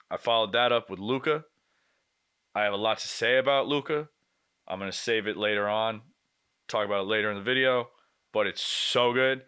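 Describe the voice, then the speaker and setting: A young man hosting a casual movie recap vlog, blunt and swearing freely, with quick asides. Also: lowish voice, sharp tone, clean tone. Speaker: movie reviewer host.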